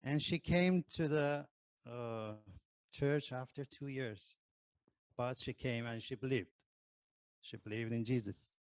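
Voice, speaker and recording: Slow, gravelly non-native man testifying. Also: medium pitch, no room sound. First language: not English. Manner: slow, hesitant non-native English with many fillers. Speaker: ex-Muslim convert giving testimony. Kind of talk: personal testimony.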